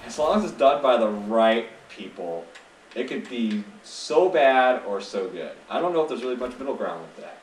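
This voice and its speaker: Male gamer commentator, animated and jokey; roomy, distant mic with faint hiss. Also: mid-range voice, moderate pace. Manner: joking, animated, chatty. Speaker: game commentator. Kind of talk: casual let's-play commentary. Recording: echoey room, mic at a distance, faint noise.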